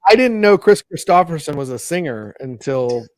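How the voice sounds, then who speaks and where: A man's voice: fairly high pitch, normal speed, no echo, studio quality. A man co-hosting a podcast, chatting casually and telling rambling stories with lots of energy. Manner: rambling, animated storyteller, recites old ad jingles. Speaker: podcast co-host. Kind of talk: casual chat.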